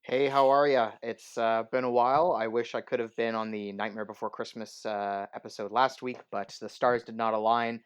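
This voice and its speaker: A man's voice: medium pitch, fairly even intonation, moderate pace, hardly any pauses, smooth. A man appearing as a podcast guest from home, upbeat and eager. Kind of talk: casual podcast chat. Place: home, recording remotely.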